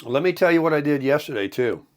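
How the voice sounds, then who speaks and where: A man's voice: fairly high pitch, lively intonation, fast. A middle-aged man chatting casually to viewers while cooking breakfast in his kitchen, rambling from one thing to the next. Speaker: vlogger. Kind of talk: casual morning vlog chat. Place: home kitchen, RV.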